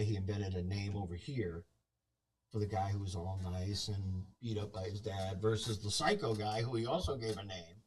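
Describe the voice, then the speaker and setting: A man's voice: fairly low pitch, moderate pace, a little mellow, recorded from a distance. A man on a movie review talk show, retelling a film's story in casual chat and acting out the scenes.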